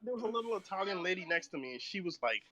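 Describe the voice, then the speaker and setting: A man's voice: high-pitched, sing-song, racing, crowd noise. A man in his thirties chatting casually, telling rambling stories and laughing often. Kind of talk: casual chat.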